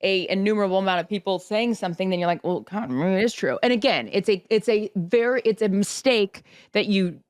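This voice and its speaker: A woman's voice: mid-range voice, brisk, hardly any pauses, no room sound. Supportive woman cohost in her 40s, reassuring, close dry mic. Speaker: podcast co-host. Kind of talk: casual chat.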